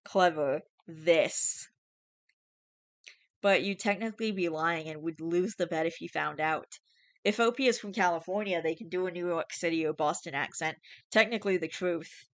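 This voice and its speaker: Reading posted confessions aloud, this channel host chats irreverently between them, cursing liberally and laughing a lot. The voice is middle-pitched, a little fast and a bit bright, captured in a dry, close recording with no sense of room.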